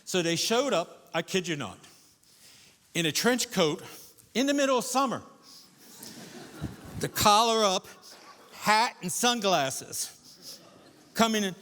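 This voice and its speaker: An older man performing a solo stage monologue, animated, going from loud emphasis to hushed asides. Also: high voice, slow, pauses often. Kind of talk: theatrical storytelling monologue. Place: theater stage before a live audience. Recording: echoey theater with long reverb.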